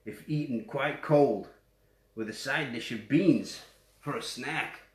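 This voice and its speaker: A man's voice: mid-range voice, slow pace, close to an everyday voice. A man with a West Yorkshire accent voicing a hungry, grumbling male giant who wants to eat children, in a storybook reading. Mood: greedy. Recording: roomy echo.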